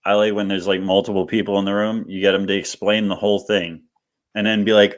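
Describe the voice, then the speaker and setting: A man with a fairly low voice, easygoing and chatty on a casual profane show. He tells his stories in a relaxed way and laughs a lot between them. He is the other co-host. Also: quick pace. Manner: laughs often, laid-back anecdotes. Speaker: podcast co-host.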